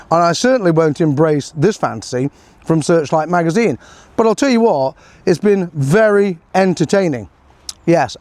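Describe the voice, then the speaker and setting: A man's voice: high voice, darkish tone, no room sound. Sarcastic rambling man. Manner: sarcastic, rambling, with frequent fillers and chuckles. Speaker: political commentator. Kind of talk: casual solo commentary.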